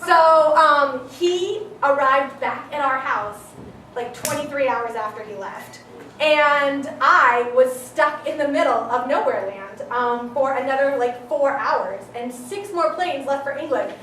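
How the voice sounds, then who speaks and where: A young woman with a high voice tells a comic story on stage, animated and full of "like" and casual swearing. Her voice bounces around a big echoey hall, picked up from far off with faint noise behind. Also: a little slow. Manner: animated, heavy use of "like", swearing. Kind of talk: live comedic storytelling. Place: live venue.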